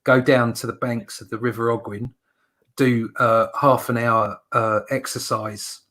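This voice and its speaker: British male host, casual rambling talker, bright forceful tone. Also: mid-range voice, flat delivery, unhurried. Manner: rambling, lots of fillers and restarts. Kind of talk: casual chat.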